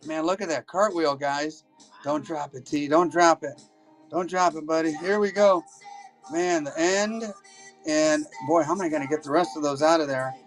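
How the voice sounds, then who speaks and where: A man hosting a live coin auction stream, talking casually and exclaiming excitedly over silver coins. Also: a little high, normal speed, faint music behind. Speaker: livestream auction host.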